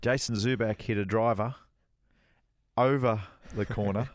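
A middle-aged man spins a lively yarn on a casual radio chat show, jumping into other people's voices as he quotes them. His voice sits at an ordinary pitch and sounds dry and close, with no room around it. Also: unhurried, no room sound. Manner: animated anecdote-teller, voices other people. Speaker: co-host, former touring golf pro.

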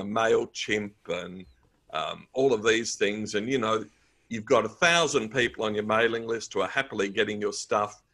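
An upbeat middle-aged man with an Australian accent speaks as an interview guest. He tells anecdotes in a relaxed, conversational way, keeping a positive tone. His voice sits at an ordinary middle pitch.

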